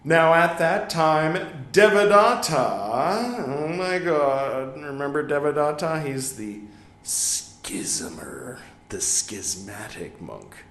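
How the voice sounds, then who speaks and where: A man's voice: fairly high pitch, expressive, slow pace, hardly any pauses, fairly bright tone. A man hosting a podcast, reading a religious text aloud and breaking off for wry, joking asides. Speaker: podcast host reading scripture. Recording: echoey room.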